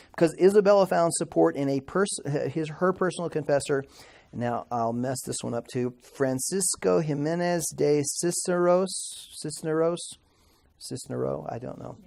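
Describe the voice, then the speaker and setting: This middle-aged man's voice is a little high yet gravelly and darkish in tone. A Bible institute teacher, he gives a conversational history lecture, questioning the class and fumbling over hard words.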